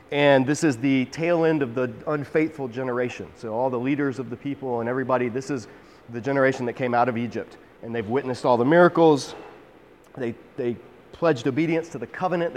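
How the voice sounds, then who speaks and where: A man's voice: medium pitch, long reverb tail, a little hiss or hum. A man teaching a Bible chapter verse by verse in a conversational, emphatic way, often restarting his phrases.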